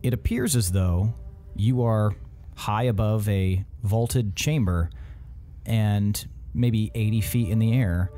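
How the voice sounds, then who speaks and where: A man narrating as dungeon master of a tabletop game, describing scenes slowly, with filler words. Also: on the low side, warm tone, soft background music.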